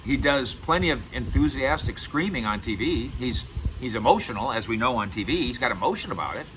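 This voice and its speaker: A man's voice: medium pitch, expressive, fairly quick, a bit bright, a little hiss or hum, rough recording. A middle-aged man giving casual sports commentary to camera as host, emphatic and repeating words for stress. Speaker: sports radio and video host.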